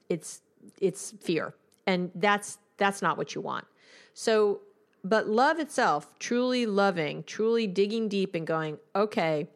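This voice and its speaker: A woman, a couples therapist, hosting an advice podcast in a candid, conversational and emphatic way. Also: mid-range voice.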